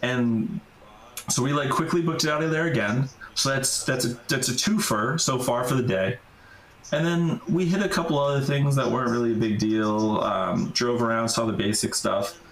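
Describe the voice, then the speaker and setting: A man tells a rambling story as a podcast guest, leaning on "like" at every turn and swearing freely. His voice sits at an ordinary middle pitch. The room around him is echoey. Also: normal speed, slight background noise. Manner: rambling, heavy use of "like", swearing. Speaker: podcast guest, urban explorer. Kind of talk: casual storytelling.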